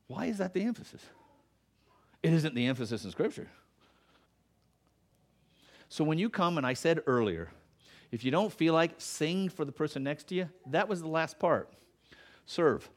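A middle-aged male pastor preaching a sermon in church, earnest, rising in emphasis then dropping soft, closing in prayer. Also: on the high side. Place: church sanctuary.

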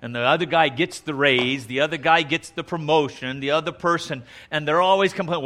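A man's voice: a little high, fairly quick, hardly any pauses, bright, forceful tone. A man preaching a Bible sermon in a folksy, conversational way, saying y'all and acting out quoted speakers in a raised voice.

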